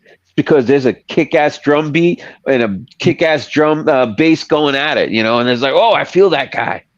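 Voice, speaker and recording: A man's voice: mid-range voice, normal speed, dry recording, lo-fi sound. A man chatting casually on a podcast, rambling and laughing as he loses his thread.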